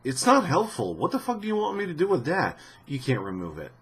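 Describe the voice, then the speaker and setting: A man's voice: fairly high pitch, huge pitch swings, fairly quick, a bit bright, slight background noise. A man giving casual commentary on gaming news for his channel, talking in a rambling, blunt way with many restarts and the odd swear word.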